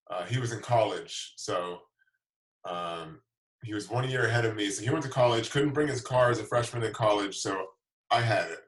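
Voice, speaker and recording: A man's voice: fairly low pitch, fairly bright tone, reverberant, recorded from a distance, low-quality recording. A man telling a long, rambling story in casual chat, swearing freely and repeating himself as he goes. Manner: rambling, profane, repeats words.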